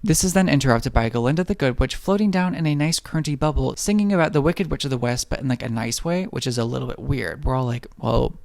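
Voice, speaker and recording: A man's voice: medium pitch, lively intonation, creaky, darkish tone, no room sound, studio quality. A man giving a comedic, sarcastic movie recap, slipping into put-on voices for the characters. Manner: sarcastic, rapid-fire jokes with put-on quote voices.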